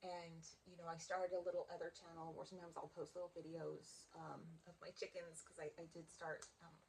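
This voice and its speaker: A woman vlogger giving a personal update, speaking softly and haltingly with many restarts, grieving and emotional. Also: fairly low pitch, flat delivery, gravelly, slight background noise. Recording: quiet, distant mic.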